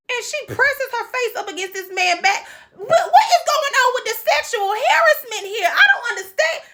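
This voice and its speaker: Female comedy recap host, sassy and animated, high bright voice. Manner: animated, sassy, acts out characters' lines. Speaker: podcast host recapping an episode.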